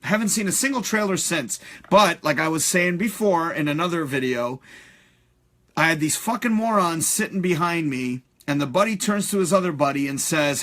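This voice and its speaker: Man, fairly high voice, profane live-stream rant, loose and animated. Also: moderate pace. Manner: profane, animated ranting with frequent fillers. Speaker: host.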